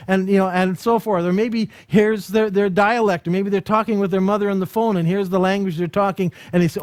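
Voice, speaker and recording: Man, ministry teacher; animated storyteller with a high, swooping voice and a dry, close sound. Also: brisk, hardly any pauses, dry recording. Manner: animated storytelling, acts out dialogue; frequent restarts and repeated words. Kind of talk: ministry school lesson with personal stories.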